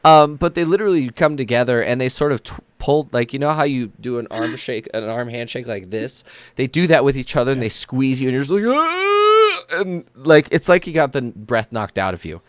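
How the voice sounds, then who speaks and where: A man's voice: medium pitch, a little fast, clean tone, no echo. A man narrating a tabletop game as game master, rambling with many fillers and laughs.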